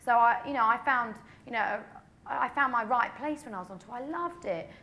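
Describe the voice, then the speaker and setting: A woman's voice: a little high, normal speed, bright, forceful tone, slight background noise. An English woman in her twenties, a pop singer answering press questions in a chatty, candid way full of "you know". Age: 20s.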